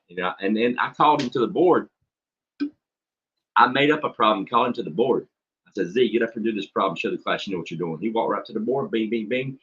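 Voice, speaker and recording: Blunt man, low and husky, muffled lo-fi audio, profane storyteller. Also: lively intonation, fast, a bit bright. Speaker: substitute teacher. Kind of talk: casual chat on a stream. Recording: dull lo-fi stream audio.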